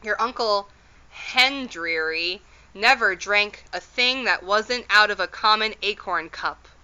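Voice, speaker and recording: A woman's voice: mid-range voice, pushed and bright, smooth, highs cut off. A woman voicing an anxious, tearful little mother who scolds and frets. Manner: fretful, scolding, quick to tears.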